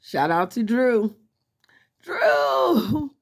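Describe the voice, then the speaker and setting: A woman's voice: medium pitch, lively intonation, slow pace. A woman vlogger chatting casually and candidly to her viewers, swearing freely and laughing often, with a scratchy throat. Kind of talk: casual chat to camera.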